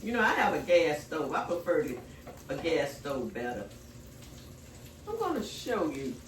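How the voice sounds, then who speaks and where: A woman's voice: sits low, very animated, a little slow, a little hiss or hum. An older woman talking casually in a rambling, homespun way while cooking in her home kitchen. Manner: chatty, homespun, rambling asides. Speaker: cooking vlogger.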